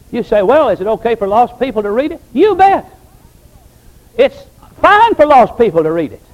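A man's voice: high-pitched, low-quality recording. An older man, a pastor, preaching a sermon in a plain-spoken, folksy way and rising to emphatic exclamations.

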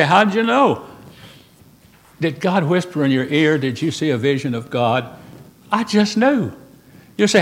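A man preaching a sermon in a folksy, conversational way. He keeps raising his listeners' imagined doubts and fires back rhetorical questions. He quotes old King James scripture. His voice sits at an ordinary male pitch.

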